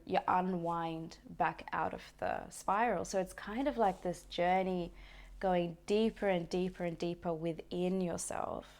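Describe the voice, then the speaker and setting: A woman vlogger telling a personal story in a gentle, reflective way, often restarting her sentences. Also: fairly low pitch. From Australia. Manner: reflective, gentle, with frequent restarts and soft laughs. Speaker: wellness vlogger.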